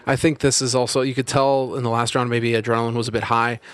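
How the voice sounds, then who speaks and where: A man giving relaxed, conversational color commentary on an esports match. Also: medium pitch, fast talker. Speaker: esports co-caster.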